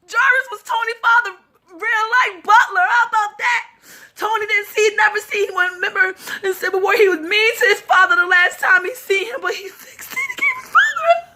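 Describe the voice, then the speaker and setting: High, bright-voiced woman crying through a review. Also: normal speed, slight background noise. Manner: tearful, talks through sobs and laughs; excited fan rambling. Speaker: vlogger reviewing a film. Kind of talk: casual emotional film review.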